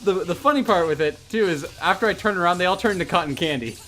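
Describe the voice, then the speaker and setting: A man's voice: sits high, fast, sharp tone, a little hiss or hum. A man co-hosting a Let's Play, casually telling a story and laughing as he goes. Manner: laughs through his storytelling. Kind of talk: casual chat while gaming.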